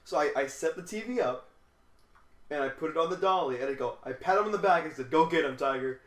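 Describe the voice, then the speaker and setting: A man's voice: a little high, expressive, fast. A man hosting a late-night podcast, telling stories casually with lots of swearing and stammering restarts. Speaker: podcast host. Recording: echoey room.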